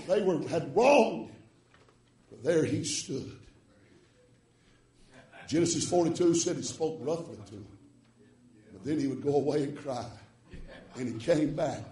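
A man preaching a revival sermon, swinging from hushed tones to chanted shouts with rhythmic "uh" breaths. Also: fairly high pitch, reverberant, recorded from a distance.

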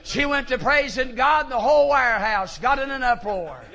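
A man preaching a sermon, telling stories and rising to shouted fervor. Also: very high voice, normal speed, vocal fry. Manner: rises to shouted fervor in quoted lines. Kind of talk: sermon storytelling.

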